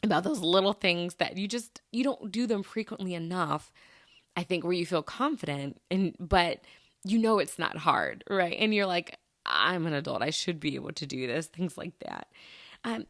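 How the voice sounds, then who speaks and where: A woman's voice: lowish voice, big pitch swings, moderate pace, a bit bright, dry recording, studio quality. A young woman chatting solo on her podcast, rambling with lots of fillers and giggles. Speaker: podcast host. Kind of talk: casual solo chat.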